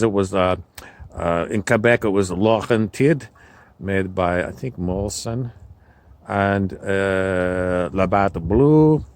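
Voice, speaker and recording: A man voicing a rambling small-town French Canadian character with a put-on accent, halting and subdued in a comedy skit. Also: lowish voice, darkish tone, a little hiss or hum.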